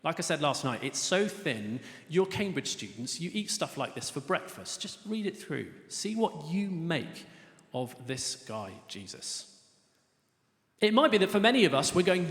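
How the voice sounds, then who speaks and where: A middle-aged man delivers an earnest evangelistic talk in a chatty, storytelling way. His voice sits fairly high for a man. The sound is roomy, with a long hall reverb around it. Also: big pitch swings, moderate pace, fairly bright tone. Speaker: speaker. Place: lecture hall.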